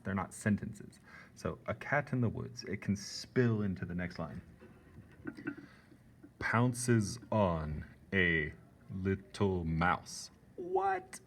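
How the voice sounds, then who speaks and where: A man's voice: sits low, creaky, a bit bright, slight background noise. A man teaching an art lesson in a playful, chatty way, laughing often. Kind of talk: classroom video lesson.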